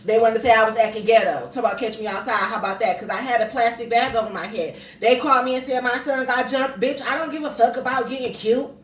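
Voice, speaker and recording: A woman's voice: on the high side, fairly even intonation, quick pace, hardly any pauses. A woman, a mother telling a heated story on a livestream, profane and repeating herself for emphasis. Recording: roomy sound, distant from the mic, faint background noise.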